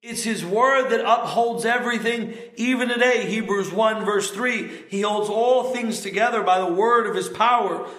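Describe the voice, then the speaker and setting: A middle-aged man preaching a sermon, emphatic, leaning hard on stressed words between measured pauses. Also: high-pitched, bright, forceful tone, roomy sound. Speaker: pastor.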